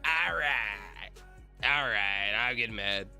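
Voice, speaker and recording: Male streamer, loose rambling chat, bright and animated, faint background music. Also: fairly low pitch, slow. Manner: rambling, joking, reading chat aloud. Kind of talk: casual livestream chat.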